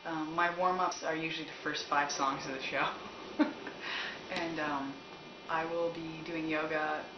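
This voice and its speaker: Low-voiced woman from Canada, candid and giggly, roomy, muffled, noisy room sound. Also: fairly even intonation, unhurried. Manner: laughs often, rambling and candid. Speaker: musician answering fan questions. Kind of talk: casual chat. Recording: roomy, dull, noisy recording.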